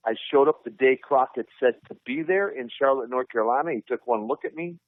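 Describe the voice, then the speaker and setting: A former pro wrestler from Minnesota, USA, in his fifties, tells stories as a guest on a podcast interview, energetically acting out other people's dialogue. His mid-range voice is fairly quick, with no room sound, coming through a tinny phone line.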